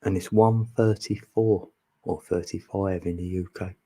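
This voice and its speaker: A man's voice: low-pitched, fairly even intonation, unhurried, dark tone, slightly rough. A man, chatting casually with viewers on a live stream, laughing often and teasing them.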